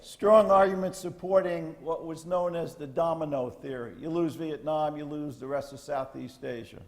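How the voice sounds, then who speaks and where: A man's voice: on the high side, fairly even intonation, normal speed, creaky, darkish tone. Older man, blunt retired Marine general. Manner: folksy, blunt military talk with salty asides. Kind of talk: lecture to cadets.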